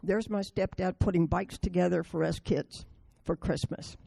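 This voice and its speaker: Gravelly, dark-voiced woman telling stories. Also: on the low side, steady tone, normal speed, dry recording. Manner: blunt, storytelling, self-deprecating. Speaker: meeting speaker. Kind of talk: recovery meeting talk with stories.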